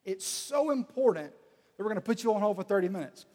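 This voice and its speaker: A man giving a humorous storytelling talk, animated and acting out bits of dialogue. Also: high-pitched, quick pace. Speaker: speaker. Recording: reverberant hall.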